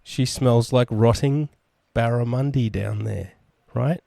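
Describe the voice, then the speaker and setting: A man's voice: medium pitch, slow pace, gravelly, a crowd in the background. A man co-hosting a podcast, trading crude, mocking jokes. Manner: mocking, insulting. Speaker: podcast co-host. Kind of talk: crude comedic banter.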